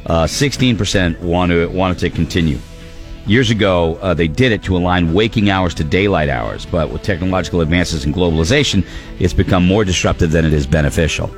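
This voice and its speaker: A man's voice: deep voice, brisk, faint music behind. A man hosting a radio show in casual banter, rambling and joking, often trailing off and restarting.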